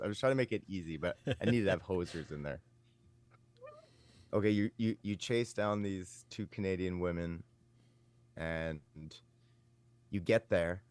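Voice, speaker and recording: Man, low voice, podcast co-host, laughing, eager, dry close sound. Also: unhurried, pauses often, smooth, no room sound. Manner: laughing, eager coaching of others. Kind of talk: casual chat.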